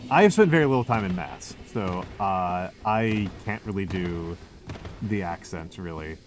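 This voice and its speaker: With music behind him and a noisy background, this American streamer talks to his viewers in a low, lively voice, a little slowly. He rambles, puts himself down, and keeps restarting his sentences.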